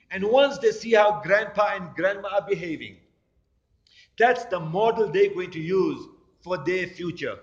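Male preacher with a high-ish voice, lively storytelling sermon, muffled recording. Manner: animated storytelling, acting out quoted people. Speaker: imam.

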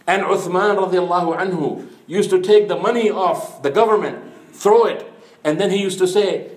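A man's voice: high voice, normal speed, reverberant. A man preaching an Islamic sermon in an earnest storytelling manner, mixing in Arabic phrases.

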